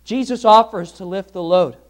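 High-voiced man preaching a sermon. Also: moderate pace. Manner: asks the congregation questions, repeats phrases for emphasis. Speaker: pastor.

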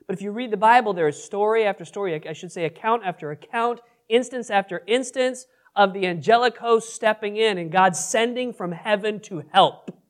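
Here the pastor's voice sits high, keeping a moderate pace with few pauses. He runs a casual, conversational Bible study, asking the group questions and adding self-deprecating asides.

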